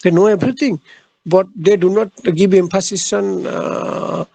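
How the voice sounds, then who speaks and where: Halting male literature lecturer with a gravelly voice. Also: high voice, steady tone, mellow, no echo, low-quality recording. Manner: halting, repeats key phrases, frequent "uh" pauses. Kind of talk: classroom lecture.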